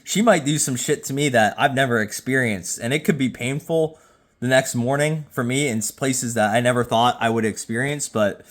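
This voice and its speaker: A tipsy man talks loosely into his phone at home, repeating himself and tripping over words. His casual delivery now and then jumps into loud, excited outbursts. His voice sits at an ordinary middle pitch. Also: moderate pace. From Jacksonville, Florida. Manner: rambling, stammering, with bursts of excited loudness. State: tipsy from drinking. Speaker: YouTube host. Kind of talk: casual rating commentary.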